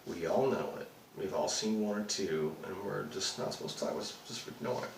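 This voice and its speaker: A man's voice: deep voice, fairly quick, vocal fry. An actor playing a rattled male astronaut who rambles and swears as he recounts a UFO sighting. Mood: uneasy. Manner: rambling, profane, full of fillers. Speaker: actor performing a monologue. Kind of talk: dramatic monologue. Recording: roomy, distant mic, faint noise.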